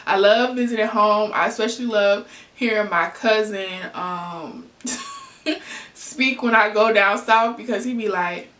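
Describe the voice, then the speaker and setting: A woman's voice: medium pitch, unhurried, fairly bright tone. A woman with a Southern US accent, chatting casually in a get-to-know-me vlog and answering her own questions with fillers and asides. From Southern US (Arkansas/Tennessee). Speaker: vlogger. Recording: echoey room, mic at a distance.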